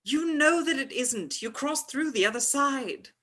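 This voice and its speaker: Cast: woman reading a grandly sure, lecturing woman, lively bright voice, measured delivery. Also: high-pitched, full character voice. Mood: earnest. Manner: measured, declaiming. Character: earnest lecturing woman, grandly self-assured. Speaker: actor in a play reading. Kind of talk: live play reading.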